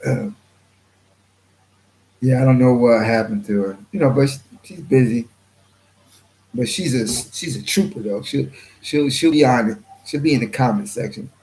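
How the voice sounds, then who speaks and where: A man hosting his own channel, reading viewer comments in a rambling, blunt way and clearing his throat often. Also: mid-range voice, normal speed, long pauses, a little mellow, poor audio. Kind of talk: casual livestream commentary.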